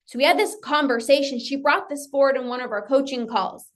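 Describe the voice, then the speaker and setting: A woman's voice: high-pitched, steady tone, fairly quick. A woman coach giving an emphatic motivational talk, often acting out her client's thoughts and repeating phrases for effect.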